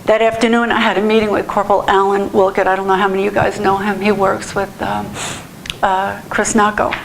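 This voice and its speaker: A woman's voice: medium pitch, little pitch movement, fairly quick, creaky, slight background noise, rough recording. A woman pastor giving a heartfelt, earnest sermon in a church, often restarting her sentences.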